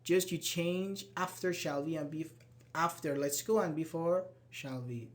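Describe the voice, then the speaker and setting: A man's voice: a little high, unhurried. A man teaching an online English grammar class, explaining step by step and repeating his example sentences.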